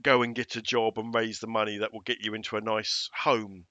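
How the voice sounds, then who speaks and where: A man's voice: lowish voice, flat delivery, brisk, pushed and bright, no echo, muffled recording. A man co-hosting a podcast, chatting casually with wry, mock-outraged humour and stammered restarts. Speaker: podcast co-host. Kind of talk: casual chat.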